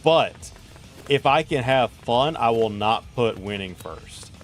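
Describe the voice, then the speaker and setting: A man's voice: medium pitch, animated, slow pace, music in the background. A man hosting a casual gaming stream, playful and teasing as he chats with viewers while playing. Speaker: streamer host.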